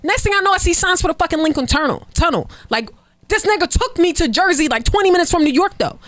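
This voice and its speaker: A young woman hosting a podcast, telling a story in a casual, animated way and acting out other people's lines. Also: extremely high pitch, fast, no echo. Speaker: podcast host. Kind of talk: casual chat.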